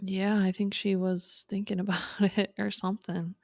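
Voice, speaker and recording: A woman telling her own story candidly in a podcast conversation, reflective and halting, often restarting her sentences. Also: mid-range voice, little pitch movement, creaky, a little mellow, no echo, studio quality. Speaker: podcast guest.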